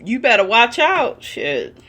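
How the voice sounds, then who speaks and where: A woman's voice: on the high side, wildly swooping pitch, slow, bright, forceful tone, husky. A woman giving reaction commentary, sassy and slangy, speaking directly to the people in the story. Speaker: commentary vlogger.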